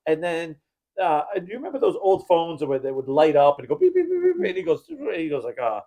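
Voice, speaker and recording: A man's voice: fairly high pitch, big pitch swings, brisk, mellow. A man on a podcast telling a long, rambling story from his school days, acting out the people in it and laughing at his own jokes. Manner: rambling anecdotes, acts out quoted voices, bursts of laughter. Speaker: podcast host. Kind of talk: casual storytelling chat.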